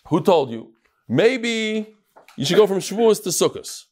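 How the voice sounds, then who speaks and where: A man teaching a Talmud class in a lively, joking lecture style, sometimes chanting phrases. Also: high voice, a little slow.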